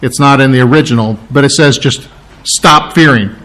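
A man preaching a verse-by-verse Bible teaching sermon, thoughtful, often stopping to correct himself and clearing his throat. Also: mid-range voice, fairly even intonation, fast talker. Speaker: pastor.

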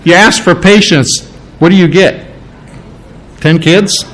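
A man preaching a sermon in a lively, conversational way, with emphatic repetition and joking asides. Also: sits high, takes it slowly, a little hiss or hum, poor audio.

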